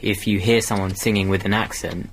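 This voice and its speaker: A man's voice: sits low, fairly even intonation, brisk, a little hiss or hum. A man in a radio studio, off-mic, earnestly explaining a point to the host.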